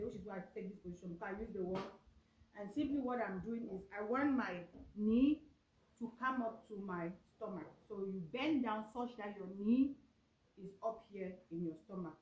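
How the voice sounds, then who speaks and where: A woman's voice: medium pitch, expressive, moderate pace, a little mellow. A woman giving a casual how-to demonstration at home, repeating her steps while squatting by a wall and sipping a drink. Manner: repetitive, instructive, talks while squatting and drinking. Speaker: wellness vlogger. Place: room at home, crouched by a wall. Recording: echoey room, voice from off-mic.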